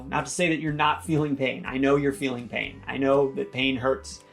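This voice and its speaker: A man explains toothache relief in a chatty, joking way, calm and reassuring throughout. His voice has a gravelly, slightly creaky texture. Soft guitar music plays faintly behind him. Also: on the high side. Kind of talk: casual instructional vlog.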